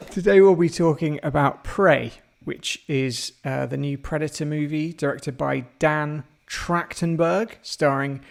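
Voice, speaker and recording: Gravelly, giggly podcast co-host. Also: male voice, on the high side, a little slow. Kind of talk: casual chat.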